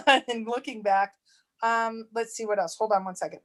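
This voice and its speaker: A woman co-hosting a casual livestream chat, rambling with restarts and quick to laugh. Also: on the high side. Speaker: treasure hunt channel co-host.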